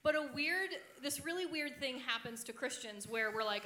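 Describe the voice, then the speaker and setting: A woman teaches in a sermon with a high, bright voice. Her delivery is conversational, and she slips into quoted thoughts as she explains. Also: normal speed, hardly any pauses.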